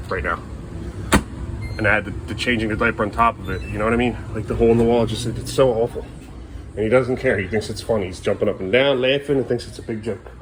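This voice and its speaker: A father at home scolding his sons and venting his frustration, recorded on a handheld phone with faint household noise behind him. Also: fairly low pitch. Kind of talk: casual home vlog. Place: family home indoors.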